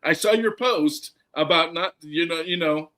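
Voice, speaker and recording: A man's voice: on the high side, unhurried, sharp tone. A man co-hosting a casual chat, rambling with lots of ums and restarts. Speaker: co-host.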